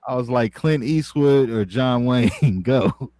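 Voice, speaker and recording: A man's voice: medium pitch, takes it slowly, a crowd in the background. A young man from New York chatting casually and laid-back with friends, swearing freely. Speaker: co-host. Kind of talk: casual group chat.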